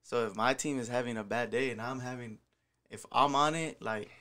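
A man's voice: medium pitch, moderate pace, sharp tone. A man talking casually on a podcast about playing soccer, slangy and profane with lots of filler words. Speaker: podcast guest, soccer player.

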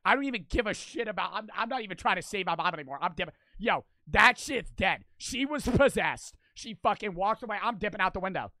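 A young man streaming his reactions to a video, joking loudly and swearing, breaking into laughs and shouts. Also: sits high, racing, few pauses, no room sound. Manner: loud, profane, joking, bursts into shouts and laughs. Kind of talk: casual reaction commentary.

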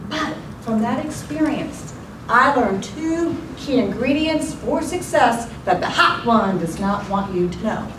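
A woman in her forties delivers a motivational contest speech in a club meeting room, theatrical and emphatic. Her slightly high, expressive voice moves at a measured pace. It's picked up by a far room mic, so the recording is echoey, distant and noisy.

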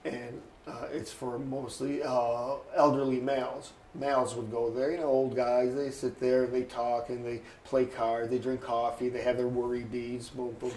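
A man's voice: mid-range voice, a little hiss or hum. Chatty older man, roomy sound. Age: 60s. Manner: lively anecdotal, acts out quoted voices, chuckles often. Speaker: interviewee. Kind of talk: oral history storytelling. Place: interview booth.

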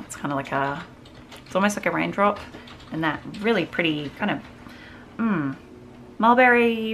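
A woman with a low-pitched voice talks through her craft haul in a relaxed, chatty way. She gushes over each piece with small exclamations of delight. A faint hiss sits quietly behind her. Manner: chatty and gushing, frequent little exclamations. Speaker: craft vlogger. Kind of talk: casual show-and-tell haul.

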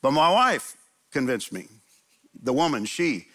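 A middle-aged man, a pastor, preaching a conversational sermon in a church, telling stories in a lively way and acting out quotes. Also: medium pitch, measured pace, creaky. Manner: animated storytelling, acts out quotes. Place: church sanctuary.

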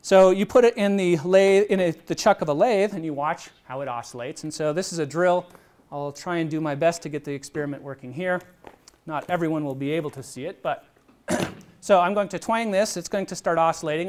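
A man's voice: fairly high pitch, fairly quick, darkish tone, slight background noise. A middle-aged man lecturing on physics in a lecture hall, explaining step by step in a conversational way with little asides. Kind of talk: university lecture with live demonstration.

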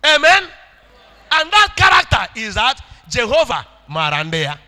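A man's voice: very high voice, huge pitch swings, normal speed, pushed and bright, in a large hall. A man with a Nigerian accent preaching a fervent sermon, leading the congregation in call-and-response.

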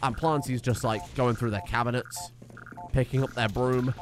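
A man's voice: mid-range voice, normal speed. A man giving wry, chatty let's play commentary, swearing casually. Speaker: gaming streamer.

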